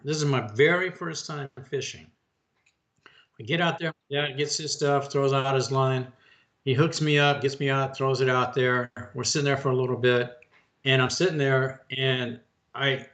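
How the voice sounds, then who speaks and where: Man, middle-aged, folksy storyteller, casual co-host chat, ordinary pitch. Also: a bit bright. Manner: folksy, addresses listeners as folks and bud. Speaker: podcast co-host.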